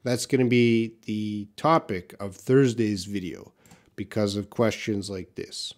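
A man's voice: fairly low pitch, steady tone, measured pace. A man teaching English in a live question-and-answer stream, reading out viewers' questions and modeling words for them to repeat.

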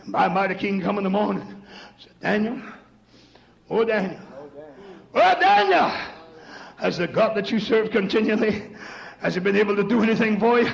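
An older man preaching a chanted church sermon, rhythmic and punctuated with "uh", rising to shouts. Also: high voice, animated, moderate pace, gravelly, long pauses, dull audio. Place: church sanctuary. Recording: echoey church recording.

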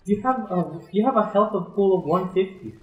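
Man, blunt teasing gamer talk, somewhat high voice, echoey room. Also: lively intonation, fairly quick, phone-quality sound. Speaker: gamer, show regular. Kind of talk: casual gaming chat.

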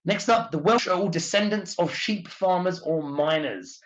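A man's voice: high-pitched, moderate pace. An English man, a tour leader, giving a chatty, explanatory talk about travel in a webinar. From England. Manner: chatty and explanatory, with filler uhs. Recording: dull lo-fi sound.

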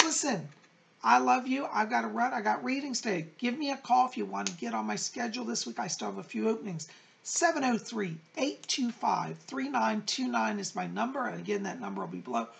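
Gravelly, chatty male psychic host. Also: sits high, sing-song, fairly quick, slight background noise. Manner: chatty and effusive, with pet names for viewers. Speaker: psychic medium, show host. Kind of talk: casual chat to viewers.

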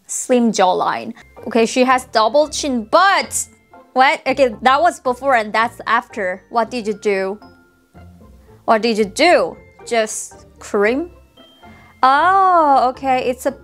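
A woman's voice: on the high side, a bit bright. A young Korean woman with a Korean accent, reacting in a casual vlog with exclamations, laughs and mocking commentary. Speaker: YouTuber.

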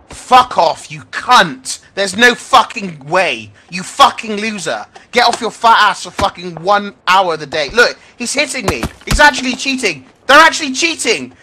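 Brash, bright streamer man. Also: sits high, slight background noise. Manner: brash, swearing, excitable. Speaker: game streamer. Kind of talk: casual livestream chat.

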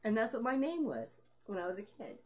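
A woman's voice: on the high side, big pitch swings, a little fast, darkish tone. A middle-aged woman vlogging in a rambling, casual monologue, swearing freely and laughing often. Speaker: vlogger and aspiring author.

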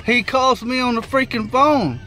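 Man, casual vlog storytelling, bright forceful voice, sweary and animated, faint music behind. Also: extremely high pitch, a little slow. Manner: animated, swears freely, acts out quotes. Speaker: rideshare driver vlogger.

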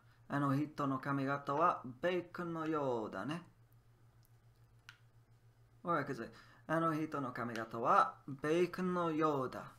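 A man's voice: fairly high pitch, sharp tone. Playful man teaching Japanese while gaming. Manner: playful, laughs often, drills words by repeating them. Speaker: language teacher. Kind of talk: casual gameplay lesson.

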